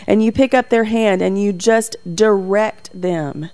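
A woman's voice: mid-range voice, measured pace, few pauses, a little mellow. Middle-aged mom giving a parenting talk, storytelling, voice jumps up when she acts out the kids. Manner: anecdotal, acts out quotes with livelier voice. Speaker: parenting speaker.

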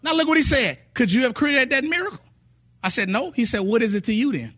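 A man's voice: very high voice, quick pace. A man preaching a sermon, telling testimonies with acted quotes and sung phrases. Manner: animated storytelling, voices quotes, sings some phrases.

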